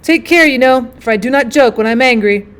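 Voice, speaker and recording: A woman's voice: sits high, animated, a little fast. A woman voicing a stern, angry male country doctor in a storybook reading, scolding and commanding.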